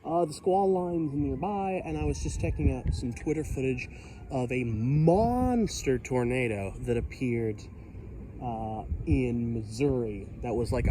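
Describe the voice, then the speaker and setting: A man talks casually into a handheld camera outside his house as a storm moves in, chatty and self-deprecating. His voice sits at an ordinary middle pitch. Wind and storm noise come through clearly around him. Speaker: vlogger filming a storm. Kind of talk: casual rambling commentary.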